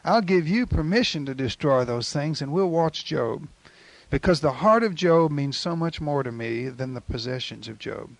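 A man voicing God as a gracious, easygoing male figure speaking calmly, within a sermon retelling. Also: fairly high pitch, normal speed, creaky, dry recording.

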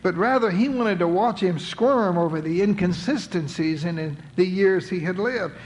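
A man's voice: sits high, moderate pace, a little mellow, rough recording. A man narrating a biblical story aloud and voicing its characters, reading scripture with dramatic emphasis.

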